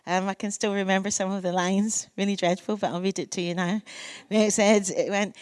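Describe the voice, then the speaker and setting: A Scottish woman in her sixties, a poet giving a public lecture, telling lively, self-mocking stories and savouring lists. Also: mid-range voice, brisk, smooth, no room sound. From Scotland. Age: 60s. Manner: lively storytelling, self-mocking asides, lists delivered with relish. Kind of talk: public lecture with anecdotes and readings.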